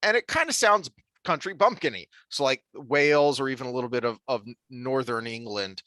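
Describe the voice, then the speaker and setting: A man co-hosting a podcast, talking through a TV series review in an animated, rambling way with frequent restarts. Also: mid-range voice, a little fast, no echo. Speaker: podcast co-host. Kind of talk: casual review discussion.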